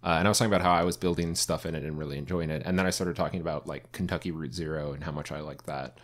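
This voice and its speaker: A man's voice: very deep voice, steady tone, very fast. A young man co-hosting a casual podcast chat, telling stories with lots of fillers and restarts. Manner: rambling storyteller, many fillers and self-interruptions. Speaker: podcast co-host.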